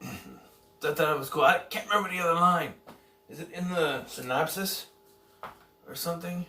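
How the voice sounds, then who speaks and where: A man casually reviewing a film, rambling and correcting himself as he goes. His voice is bright and forward. He sounds set back from the mic in an echoey room. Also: on the high side, normal speed, distant mic, slight background noise. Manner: rambling, self-correcting, unsure of details. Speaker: movie reviewer.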